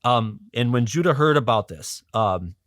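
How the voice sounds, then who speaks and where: Animated male storyteller with a dry sound. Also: medium pitch, moderate pace, dry recording. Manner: animated storyteller, frequent ums and restarts. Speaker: podcast guest, religious educator. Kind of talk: casual storytelling explanation.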